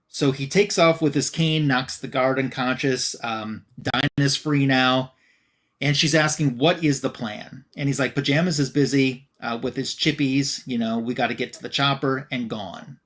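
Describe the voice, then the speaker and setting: A man's voice: medium pitch, moderate pace. A man, a podcast co-host, casually recapping a comic scene by scene, reading out the characters' lines with plenty of "um" and "uh". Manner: retells scenes by reading out dialogue with "she's like"; relaxed, frequent "um" and "uh" fillers.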